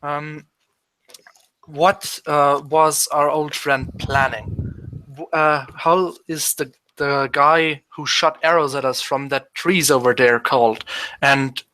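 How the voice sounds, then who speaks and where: Male player, bright voice, somewhat high, hesitant in-character role-play, dry sound. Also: fairly even intonation, slow pace, poor audio. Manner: hesitant, many fillers, half in character.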